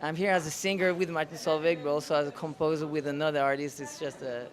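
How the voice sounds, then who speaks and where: A man in his thirties with a French accent, a singer answering interview questions in a friendly, unhurried way while searching for words in English. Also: a little high, fairly even intonation. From France. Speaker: singer and pianist. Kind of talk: casual interview.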